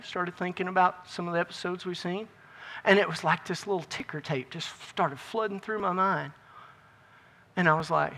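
A middle-aged man preaching a folksy, emphatic sermon that swings between loud bursts and quiet asides. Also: high-pitched, moderate pace.

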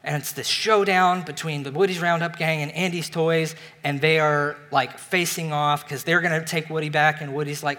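A pastor giving a sermon, retelling a film plot in a relaxed, conversational way. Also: male voice, fairly high pitch, moderate pace. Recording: long reverb of a large hall.

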